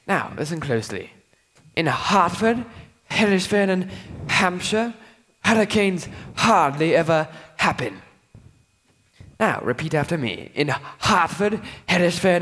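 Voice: medium pitch, very animated, a bit bright, husky, exaggerated voice. A performer playing an impatient male phonetics professor in a school stage musical, lecturing and drilling a pupil. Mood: lecturing, exasperated. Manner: brisk, exasperated, lecturing. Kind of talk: live stage musical acting.

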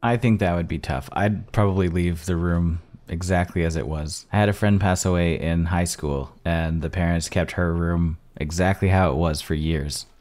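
A man's voice: deep voice, steady tone, moderate pace, few pauses, a little mellow. A man hosting a casual first-time movie reaction, chatty and thinking aloud as he goes.

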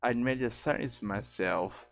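A man hosting a casual vlog, talking in a halting way with many restarts and broken phrasing. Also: mid-range voice, vocal fry, no room sound. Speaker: channel host. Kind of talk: casual vlog chat about his characters.

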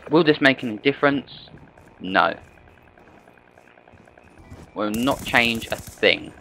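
A man's voice: medium pitch, lively intonation, slow, vocal fry, pushed and bright, slight background noise, low-quality recording. A young man giving rambling gameplay commentary, chatty and full of rhetorical questions to his viewers. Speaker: gaming channel host.

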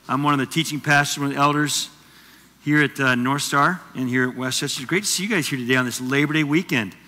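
Bright, high-voiced preacher in a big hall. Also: male voice. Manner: animated, conversational preaching with asides. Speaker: teaching pastor. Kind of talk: sermon. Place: church auditorium.

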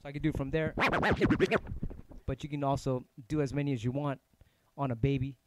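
Brisk and level in tone, this medium-pitched middle-aged man gives a laid-back livestream lesson on turntable scratching. His talk wanders and he curses casually, all over turntable music playing in the background.

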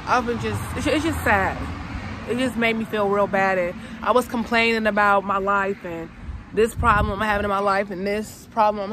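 A woman's voice: medium pitch, fairly bright tone, slight background noise. A young woman talking casually and emotionally to her viewers, calling them y'all, while filming outdoors. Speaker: vlogger. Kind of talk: casual heartfelt vlog talk.

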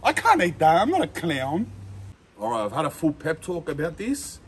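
A young man vlogging a food challenge in a loud, slangy way, full of exaggerated disgust. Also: a little high, huge pitch swings, moderate pace, slight background noise. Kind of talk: casual vlog.

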